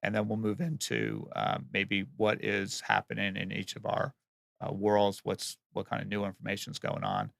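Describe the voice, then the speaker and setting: A man's voice: on the low side, expressive, normal speed, creaky, fairly bright tone, no room sound, clean studio sound. A man who builds and remodels homes, answering interview questions in a plain, earnest way and often restarting his words.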